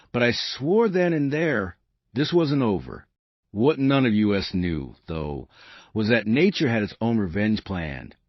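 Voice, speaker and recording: A man tells a scripted first-person story with a dramatic, emphatic delivery. His voice sits low but moves through a wide, lively range. The recording is dry and slightly dull, like a lo-fi voice-over. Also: no room sound. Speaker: narrator.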